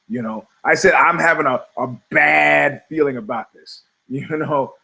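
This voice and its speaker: A man's voice: on the high side, measured pace, creaky, bright, forceful tone. A man in his forties hosting a talk show, rambling and swearing, often repeating words as he restarts his thoughts. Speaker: podcast host.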